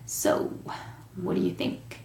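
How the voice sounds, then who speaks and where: A woman's voice: slow, noisy background, close to an everyday voice. Woman doing a terse older American man. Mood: laconic. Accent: mock American accent. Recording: roomy echo.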